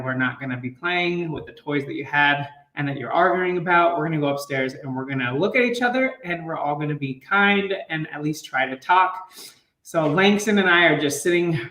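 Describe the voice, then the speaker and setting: A man's voice: fairly high pitch, fairly bright tone, far from the mic. A man in his thirties, a fitness coach and father, chatting casually to viewers and laughing often. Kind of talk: casual live chat to viewers. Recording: roomy, off-mic.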